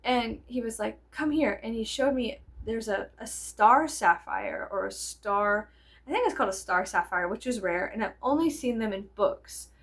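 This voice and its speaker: Casting: young adult woman, vlogger, higher voice with some fry, animated and profane storyteller who laughs a lot. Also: normal speed. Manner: animated, profane, digresses with many fillers; laughs often. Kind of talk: casual storytelling vlog.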